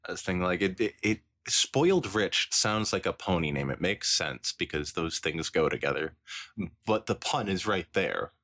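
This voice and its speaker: A male podcast co-host chatting casually, musing aloud and rambling with restarts. His pitch moves a lot as he thinks out loud. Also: expressive, normal speed. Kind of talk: casual chat.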